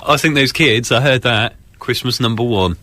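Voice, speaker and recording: A man co-hosting breakfast radio, tossing in quick, wry quips. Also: mid-range voice, bright, forceful tone, no room sound. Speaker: radio co-host. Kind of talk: jokey breakfast radio banter.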